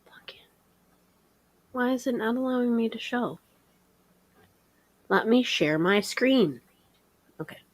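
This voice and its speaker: A woman's voice: fairly high pitch, expressive, a little slow, pauses often, no echo. Playful woman co-hosting a casual chat. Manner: playful and teasing. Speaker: co-host.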